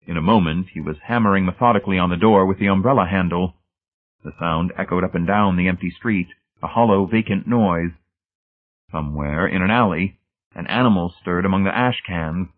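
Deep-voiced male audiobook narrator. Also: normal speed. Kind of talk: scripted narration. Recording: tinny phone-like band.

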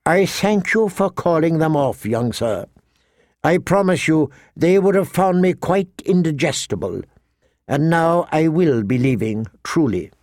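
A man's voice: on the high side, lively intonation, unhurried, darkish tone, no room sound, pitched above the performer's own voice. A man voicing a wry, sardonic dwarf lord. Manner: dry mocking wit, drawling asides. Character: wry sardonic dwarf nobleman, male adult. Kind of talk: audiobook character voice.

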